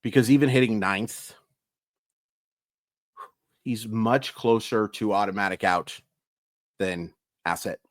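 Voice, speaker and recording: A man's voice: lowish voice, fairly even intonation, takes it slowly, pauses often, dry recording, studio quality. Exasperated man venting a baseball recap. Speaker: sports YouTuber. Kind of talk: daily baseball recap vlog.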